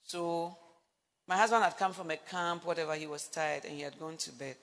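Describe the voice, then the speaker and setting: A woman's voice: low voice, normal speed, big-room sound. A woman, preaching a sermon that mixes personal stories with emphatic declarations. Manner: animated storytelling, rising to emphatic declarations.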